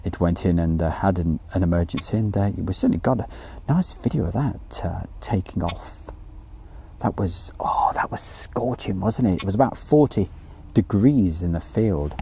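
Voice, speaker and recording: A man's voice: low-pitched, lively intonation, moderate pace, mellow, a little hiss or hum. A man hosting a casual live stream from outdoors by an airfield, chatty and joking as he reads out viewer messages.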